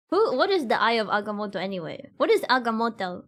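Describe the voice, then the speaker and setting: A woman's voice: on the high side, very animated, fast. A young woman streaming, rambling and giggling as she chats with her viewers. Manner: rambling, giggly, many fillers; talks straight to chat. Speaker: cosplay streamer. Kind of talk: casual chat with stream viewers.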